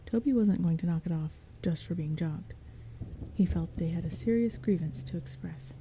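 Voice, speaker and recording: A woman reading a novel aloud as a soft-spoken bedtime story, in a soft, breathy half-whisper. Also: on the low side, moderate pace, slight background noise, rough recording. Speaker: audiobook reader. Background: soft rain and thunder.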